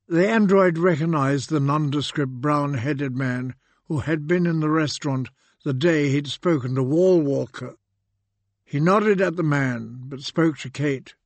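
A male audiobook narrator reading slowly and deliberately, his voice a little higher than most men's. The sound is close and dry, with no room around it. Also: no room sound. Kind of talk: scripted narration.

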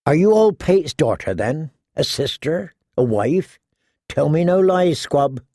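A man's voice: a little high, big pitch swings, slow, warm tone, no echo, clean studio sound, heavily acted. A man playing a wry middle-aged outlaw minstrel who talks in an easygoing, coaxing drawl.

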